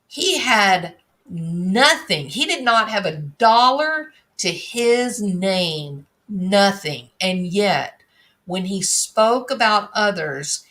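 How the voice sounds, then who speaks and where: A woman's voice: mid-range voice, sing-song, very slow, a bit bright. A woman giving blunt, scornful solo commentary, reading viewer comments and mocking the person she discusses. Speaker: true crime commentator.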